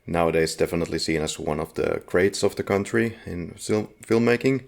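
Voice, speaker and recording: A man hosting a podcast, giving film background in a relaxed, conversational way. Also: sits low, brisk, creaky. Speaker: podcast host. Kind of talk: casual film discussion.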